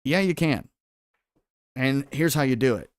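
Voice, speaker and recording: A man's voice: medium pitch, lively intonation, measured pace, clean tone, dry recording. A man hosting a quiz-style livestream, putting questions to his viewers and reading out their answers from the chat. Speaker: livestream host.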